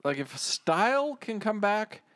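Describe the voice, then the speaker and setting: A man's voice: high-pitched, big pitch swings, a little slow, a bit bright, no echo, studio quality. A man co-hosting a podcast, talking in a casual, rambling way. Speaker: podcast co-host.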